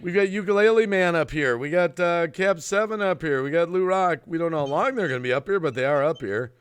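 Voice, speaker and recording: A man's voice: on the high side, a little fast, clean tone. A man hosting a casual live stream, joking around and greeting viewers by name over a video call. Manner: jokey, reading out viewer names.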